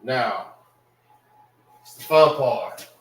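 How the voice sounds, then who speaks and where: Male teacher, slow and patient delivery, mid pitch, recorded far from the mic in a roomy space. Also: expressive, a bit bright. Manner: slow, repeats words for students to follow. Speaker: language class teacher. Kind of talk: classroom lesson on pronunciation. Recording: echoey room, mic far off.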